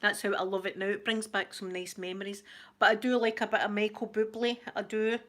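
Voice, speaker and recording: A woman's voice: mid-range voice, little pitch movement, fairly quick, a bit bright. A middle-aged Scottish woman hosting a casual live-stream chat, greeting viewers by name and laughing often. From Scotland. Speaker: YouTube channel host.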